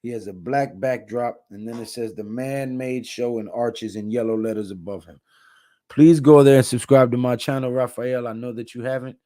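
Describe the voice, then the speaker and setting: A man's voice: medium pitch, normal speed, mellow, no room sound, studio quality. A tired man hosting a casual live stream, reading viewer comments aloud and chatting in a laid-back way. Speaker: livestream host.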